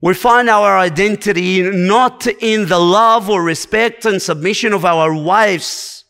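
Man preaching a sermon, kinda high voice, slow and earnest, keeps hammering short commands. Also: a bit bright, smooth.

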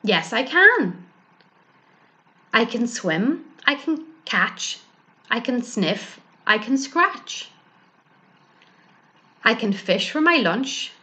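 Woman doing a higher, childlike storybook bear, slow and pleading. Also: sing-song, pushed and bright, heavily acted. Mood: proud. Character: little male bear, childlike, eager and easily upset.

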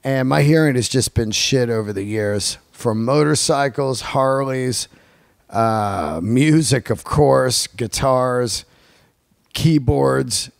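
A creaky, mid-range voice belongs to a podcast host in his 50s who rambles through a loose, profane monologue. His storytelling is animated and casual, recorded dry at studio quality.

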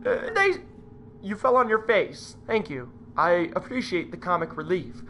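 A woman's voice: lowish voice, sing-song, a little slow, a bit bright, slight background noise. A woman giving jumpy, panicky horror game commentary, yelping and talking to herself. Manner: jumpy, panicky, yelps and exclaims, talks to herself. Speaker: gameplay commentator.

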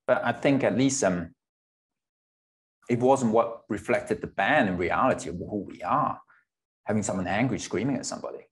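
Lowish in pitch and speaking at normal speed with frequent pauses, a man in his forties from Hong Kong guests on a casual interview as a guitarist. He's candid, occasionally swears, and laughs between ideas.

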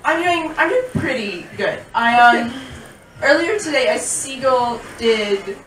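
A woman's voice: fairly high pitch, expressive, slow pace. Rambling American woman comedian, distant and echoey. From Seattle, USA. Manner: rambling, self-deprecating, many filler likes and restarts. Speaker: stand-up comedian. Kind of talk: stand-up comedy set. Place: comedy club with laughing audience. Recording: echoey club taped from far off, loud noise.

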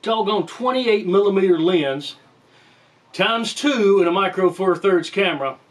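High-voiced rambling man reviewing a guitar. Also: lively intonation, a little slow. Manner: rambling, jokey, self-interrupting. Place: room at home. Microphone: camera mic, sometimes far.

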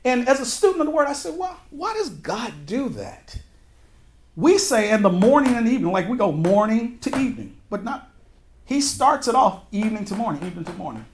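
Guy pastor with a high voice doing a chatty bible study, gets loud then drops real quiet. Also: lively intonation, fast talker, a little hiss or hum. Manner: conversational, with folksy asides and quoted voices; emphatic, with sudden drops to a quiet voice. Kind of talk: verse-by-verse Bible teaching.

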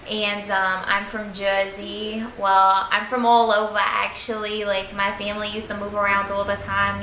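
A woman's voice: mid-range voice, pushed and bright, a little hiss or hum, lightly acted. A young woman playing a chatty, scatterbrained reality-show contestant who rambles with lots of "like" and "um," in a mock confessional. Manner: rambling, full of "like" and "um". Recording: echoey room.

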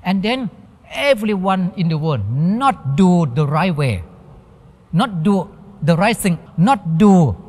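A Buddhist monk, a man whose first language is Thai, gives a dharma talk in a lively, high voice. He speaks simple, halting English and acts out little dialogues, and the sermon carries a long hall reverb.

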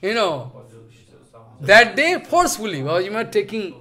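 High-voiced man preaching. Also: sing-song, moderate pace. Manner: emphatic storytelling, acting out quoted voices with sudden shouts; frequent "you know" fillers, non-native English phrasing. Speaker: spiritual teacher giving a discourse. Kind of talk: devotional sermon.

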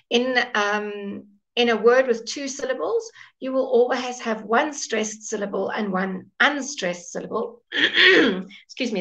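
A woman's voice: a little high, fairly bright tone, rough recording. A woman teaching a live online English pronunciation lesson, patiently modelling words and greeting viewers by name.

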